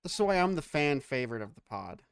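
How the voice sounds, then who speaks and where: A man's voice: a little high, very animated, fast talker, smooth, no room sound. A man hosting a podcast, bantering casually with jokes and a lot of swearing. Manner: joking, profane banter. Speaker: podcast host.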